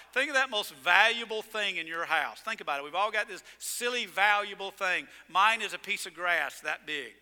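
A male pastor preaching a sermon in a church, telling stories in an animated way and hitting words with sudden loud emphasis. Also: high voice, smooth. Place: church sanctuary. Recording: long reverb in a church sanctuary.

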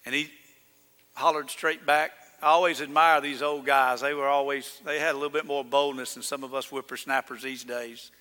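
A male pastor preaching a sermon in a folksy storytelling way, swinging between loud calls and hushed asides. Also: medium pitch, fairly even intonation, moderate pace, long reverb tail.

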